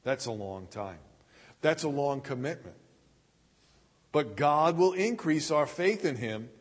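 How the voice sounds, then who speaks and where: A man preaching a sermon, earnest and repetitive, pausing and restarting as he builds his points. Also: fairly high pitch, big-room sound. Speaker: pastor.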